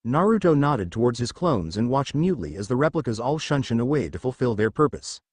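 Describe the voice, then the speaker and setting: A man reading a fan fiction story aloud in a steady scripted narration. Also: mid-range voice, brisk, breathy edge, dry recording.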